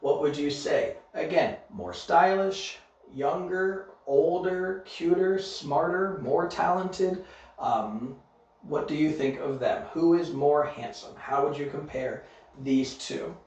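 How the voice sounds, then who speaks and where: A man teaching English grammar in a recorded online lesson, speaking slowly and deliberately and checking in with "okay?" after each point. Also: a little high, darkish tone. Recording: very echoey room, distant mic, dull sound.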